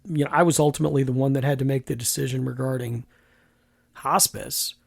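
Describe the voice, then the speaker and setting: A man's voice: medium pitch, fairly even intonation, a little fast, gravelly, dry recording, studio quality. A middle-aged man, telling a personal story as a podcast host, frank and conversational with many restarts.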